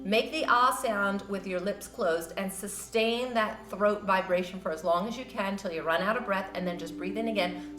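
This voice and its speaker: A woman teaching a yoga class, guiding breathing and stretches in a gentle, encouraging, loosely conversational way. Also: mid-range voice. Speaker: yoga instructor. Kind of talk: guided yoga class instruction. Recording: roomy with soft music behind.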